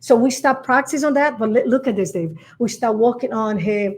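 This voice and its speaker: Animated woman. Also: a little high, moderate pace. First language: Portuguese. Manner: animated, acts out phone calls, says darling. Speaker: real estate coach. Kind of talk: podcast interview.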